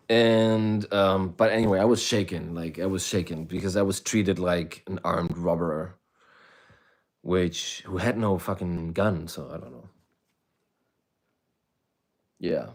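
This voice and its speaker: A man on a live stream telling a wild story in a casual, profane way, acting out his own reactions with sudden loud bursts. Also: lowish voice. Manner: animated, profane, acts out his own past reactions loudly.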